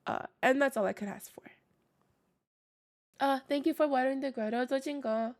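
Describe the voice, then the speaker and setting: A young woman streamer chats casually with her viewers at a normal speed, her voice sitting high. It sounds scratchy and tired, and she rambles with lots of fillers and laughs often.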